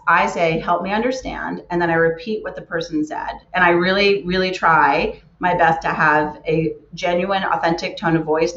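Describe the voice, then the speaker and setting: A woman's voice: fairly low pitch, a bit bright. A woman giving an earnest keynote talk, stressing her points by repeating words. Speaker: keynote speaker. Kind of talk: motivational talk. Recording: roomy, muffled lo-fi sound.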